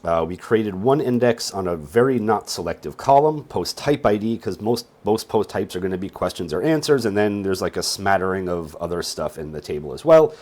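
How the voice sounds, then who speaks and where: A man's voice: deep voice, fairly quick, few pauses, darkish tone. A sleepy man teaching a casual screen-share tutorial on databases, rambling along with wry joking asides. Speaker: database instructor.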